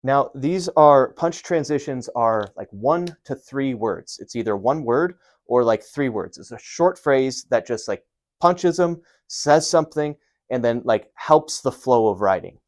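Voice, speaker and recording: A man giving a casual writing lesson, energetic and profane, with rambling asides, sometimes loud and sometimes muttering under his breath. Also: medium pitch, unhurried. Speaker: writing teacher. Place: home room writing on a board.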